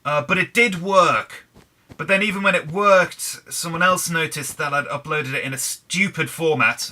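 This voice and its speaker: English guy chatting wryly over his minecraft game, very bright and a bit high. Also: moderate pace. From England. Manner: chatty, wry and self-deprecating. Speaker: gaming channel host. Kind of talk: casual Minecraft commentary.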